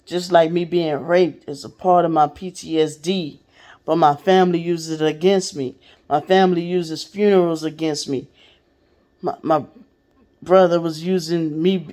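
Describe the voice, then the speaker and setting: A woman's voice: deep voice, fairly even intonation, a little slow, dark tone. A woman casually telling a personal story to her viewers, in a blunt, profane way. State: sick. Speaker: vlogger.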